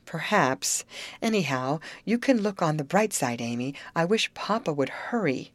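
A woman's voice: deep voice, big pitch swings, moderate pace, no room sound. A woman reading the part of an anxious young daughter, speaking plaintively.

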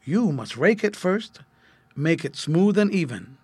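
Guy reading as a kind patient mom in a storybook, husky voice, lively ups and downs. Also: sits high, unhurried, no echo, exaggerated voice. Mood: gentle. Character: patient gentle mother of three children.

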